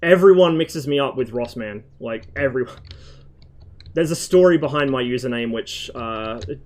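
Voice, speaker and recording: A man's voice: medium pitch, normal speed, darkish tone. Rambling, swearing young male streamer. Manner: rambling, swears freely, frequent restarts. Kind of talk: casual gaming stream commentary.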